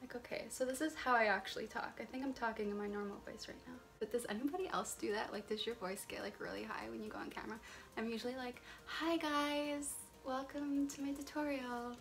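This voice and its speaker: A woman's voice: a little high, fairly even intonation, fast, vocal fry, a bit bright. Young female beauty vlogger, casual and chatty, full of fillers, phone-recorded, light music under it. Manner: chatty, rambling, lots of filler words. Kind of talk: casual hair tutorial chat. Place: warm room at home. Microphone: phone camera.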